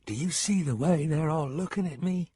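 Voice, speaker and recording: A man voicing a nervous male prisoner with a deep Southern accent, talking in a hushed whisper. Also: moderate pace, breathy edge, dry recording, clean studio sound. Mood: uneasy whisper.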